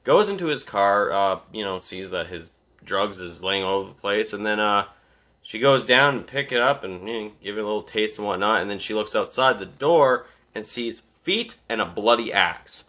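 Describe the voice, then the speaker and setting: Male reviewer with a bright, sharp voice and a loose, swear-filled, animated recap style. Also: on the low side, moderate pace. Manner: animated, swearing constantly, laughing asides. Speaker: movie reviewer. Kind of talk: casual profane film recap.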